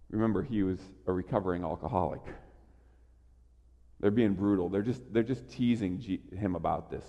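A man preaching a sermon in an emphatic, animated way, often restarting his phrases. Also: lowish voice, a little fast, vocal fry, big-room sound. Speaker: pastor.

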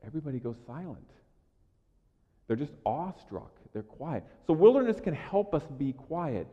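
A man's voice: on the high side, sing-song, moderate pace. Pastor guy preaching, chatty, stumbles and repeats words, big echoey hall, kinda muffled. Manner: conversational, stammers and repeats words, swings between loud and quiet. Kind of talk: sermon. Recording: echoey hall, dull lo-fi sound.

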